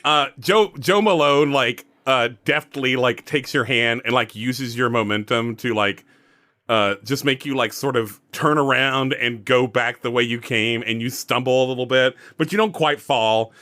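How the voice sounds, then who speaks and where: Bright-voiced rambling game master, a man. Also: mid-range voice, measured pace. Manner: loose and rambling, full of "like". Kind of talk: narrating a tabletop game.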